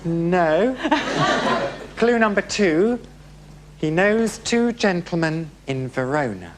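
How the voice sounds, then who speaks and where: A man's voice: high voice, very animated, takes it slowly, long pauses, a loud crowd, heavy background noise. A man hosting a TV game show, camp and arch, full of teasing quips. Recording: TV studio with audience and music.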